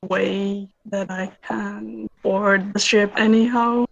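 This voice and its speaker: A woman's voice: medium pitch, steady tone, slow, creaky, no echo, highs cut off. A woman doing a hesitant bluffing traveller. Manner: hesitant, rambling.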